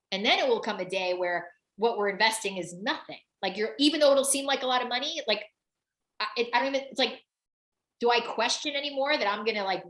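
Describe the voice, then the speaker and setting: A woman coaching a client live on a webinar, her voice fairly high and bright. She talks in an animated, emphatic way, leaning on "like" and repeating her key phrases. The sound is roomy and echoey. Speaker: business coach hosting a webinar.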